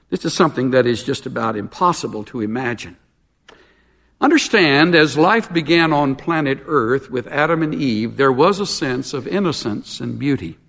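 A man preaching a sermon in an earnest, measured way, dropping low for emphasis. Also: creaky, fairly bright tone, in a large hall. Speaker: pastor.

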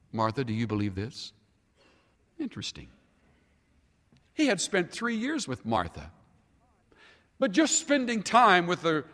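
Male preacher, animated rising and falling pitch, emphatic rhetorical questions, church sanctuary, long echoing reverb. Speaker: pastor. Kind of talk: sermon. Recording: long reverb of a large hall.

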